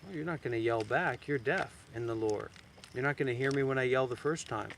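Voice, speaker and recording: A man giving a meditation talk as a teacher, blunt and teasing, swinging from soft and slow to sudden loud bursts. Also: medium pitch, a little hiss or hum. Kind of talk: dharma talk. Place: outdoors in a graveyard.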